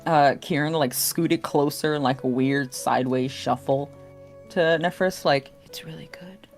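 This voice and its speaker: A woman's voice: rumbling low, a little slow, darkish tone, soft background music. A woman playing a tabletop game, joking and laughing as she narrates. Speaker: player.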